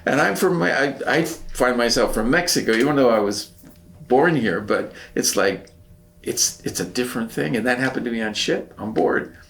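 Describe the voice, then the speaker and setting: A man's voice: medium pitch, expressive, moderate pace, gravelly, fairly bright tone. An older man, a veteran, speaking earnestly and reflectively in an oral history interview.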